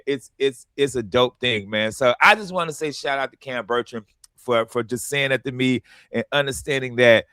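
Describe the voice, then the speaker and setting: A man hosting a radio comedy show, telling stories in a casual, animated way and acting out what people said to him. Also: medium pitch, normal speed, dry recording. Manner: animated storytelling, acts out quotes.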